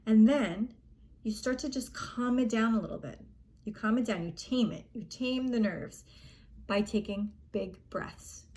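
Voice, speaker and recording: A woman's voice: a little high, measured pace, darkish tone. A young adult woman coaching young gymnasts, speaking casually and earnestly, reassuring them and acting out an athlete's panicked thoughts. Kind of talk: casual spoken coaching advice.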